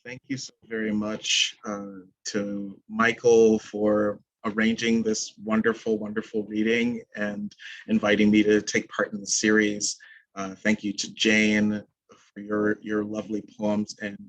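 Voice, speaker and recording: Halting low-voiced man poet. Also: monotone, no room sound, low-quality recording. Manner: halting, with many fillers. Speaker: poet and teacher. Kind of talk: poetry reading introduction.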